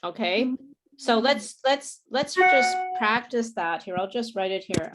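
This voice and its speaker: A woman's voice: fairly high pitch, expressive, unhurried, very noisy. A woman teaching an English pronunciation lesson, speaking patiently and repeating words for her students to copy, with a light laugh now and then. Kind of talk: live online pronunciation lesson.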